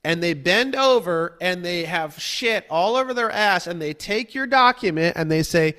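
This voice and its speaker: Man, higher-pitched, profane rambling guest who acts out mocking impressions. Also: expressive, normal speed, few pauses, bright, forceful tone, clean tone. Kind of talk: casual podcast chat.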